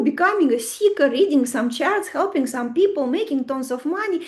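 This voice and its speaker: A woman leads a live astrology lesson, quizzing her class and acting out little stories. Her voice sits high, with a soft, mellow tone. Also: normal speed, hardly any pauses. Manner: animated, asks the class questions, acts out stories. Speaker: astrology teacher.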